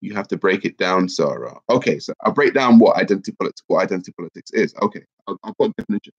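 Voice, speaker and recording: Lively, low-voiced male livestream host, congested, reading chat aloud; dull lo-fi audio. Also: racing, breathy edge. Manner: reads viewer comments aloud, lively and chatty. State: congested, bunged up.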